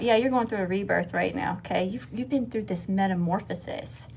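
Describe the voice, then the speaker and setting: A woman's voice: medium pitch, normal speed, vocal fry, few pauses, background noise. A woman from Mississippi with a Southern accent, giving a casual livestream tarot reading, swearing freely and calling her viewers y'all. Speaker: tarot reader.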